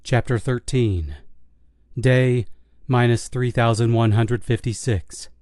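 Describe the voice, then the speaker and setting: An audiobook narrator with a mid-range male voice reads a scripted horror story in a steady, measured storytelling style. The recording is studio quality with no room sound.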